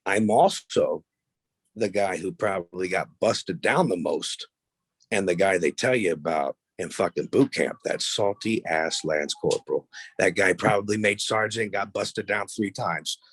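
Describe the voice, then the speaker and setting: A man's voice: low-pitched, a little slow, fairly bright tone, slightly rough. A man as a podcast guest, telling stories in a blunt, profane, boastful way. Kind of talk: casual storytelling interview.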